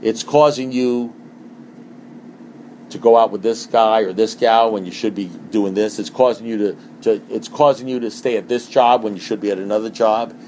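A middle-aged man giving a talk at a recovery meeting, speaking in an animated, repetitive way and asking his listeners rhetorical questions. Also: lowish voice, normal speed, slight background noise.

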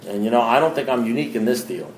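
A man's voice: medium pitch, lively intonation, racing. A man speaking to a recovery group in a blunt, plain-spoken way, often asking his listeners direct questions. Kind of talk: informal talk to a group. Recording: echoey room with faint background noise.

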